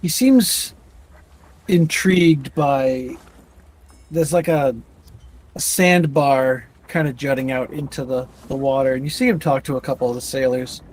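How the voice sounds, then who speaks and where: A man's voice: mid-range voice, fairly even intonation, unhurried, darkish tone. A man narrating as game master of a tabletop game, rambling with frequent restarts.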